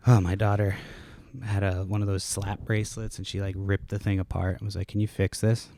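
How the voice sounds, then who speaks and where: A man's voice: fairly low pitch, little pitch movement, brisk, warm tone, a little hiss or hum. A man in his thirties hosting a casual solo podcast from home, rambling through laid-back, profane stories. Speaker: podcast host.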